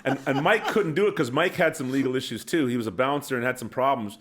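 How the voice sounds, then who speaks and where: A man's voice: medium pitch, fast, slight background noise. Man spinning a wild hockey story. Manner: lively anecdote teller, laughs at his own story, acts out quotes. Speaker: podcast guest, former pro hockey player and coach. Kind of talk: animated storytelling. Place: podcast studio. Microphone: studio microphone.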